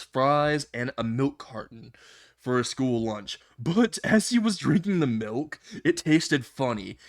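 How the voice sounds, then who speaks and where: Comedic storyteller, male, slightly high voice, laughs at his own jokes and swears casually. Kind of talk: comedic fan-fiction storytelling.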